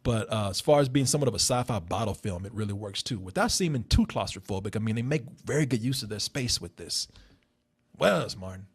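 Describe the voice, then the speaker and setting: A man with a husky voice co-hosts a casual film review. His pitch rises and falls widely as he argues his points. He talks with blunt, animated, profane emphasis. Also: a little fast. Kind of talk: casual movie review banter.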